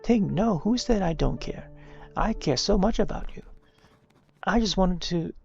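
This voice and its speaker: A streamer voicing a worried mother in a game, speaking softly and coaxingly. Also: mid-range voice, animated, a little slow, vocal fry, dull audio, faint music behind, pitched above the performer's own voice. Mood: soothing. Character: gentle worried mother, soft and soothing.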